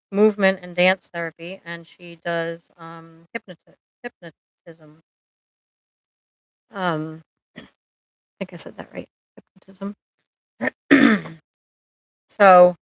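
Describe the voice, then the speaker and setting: A middle-aged woman therapist talks on a live stream in a loose, joking, rambling way, full of ums. Her voice sits fairly low and sounds smooth and resonant. The close mic is dry, with no room sound. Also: no room sound, low-quality recording. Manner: chatty, rambling, humorous, many ums. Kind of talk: casual live-stream chat.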